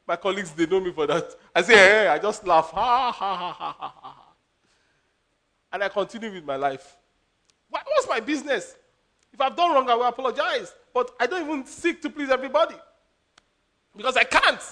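A man preaching a sermon as a pastor, animated, laughing and acting out quotes. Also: extremely high pitch, a little fast.

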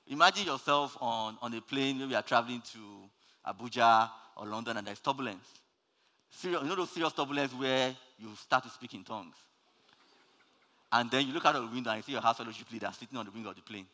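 A man preaching a sermon with energy, swinging from loud, rising calls down to soft, low words. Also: lively intonation, brisk, in a large hall.

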